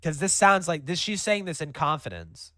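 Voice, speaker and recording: A man's voice: a little high, big pitch swings, moderate pace, bright, forceful tone, no echo. A man giving reaction commentary on screenshots, incredulous and profane, stammering into outbursts. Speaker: commentary YouTuber.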